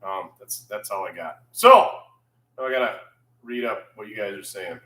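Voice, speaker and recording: A man's voice: on the low side, moderate pace, bright, forceful tone, reverberant, poor audio. A man hosting a casual livestream from his repair shop, rambling and reading viewer comments aloud. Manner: laid-back, rambling, reads chat aloud. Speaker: channel host.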